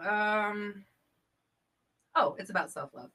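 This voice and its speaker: A woman's voice: on the low side, lively intonation, normal speed, bright, forceful tone. A woman hosting a casual live-stream chat, reading out viewer comments, chatty and playful with frequent laughter. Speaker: host and coach.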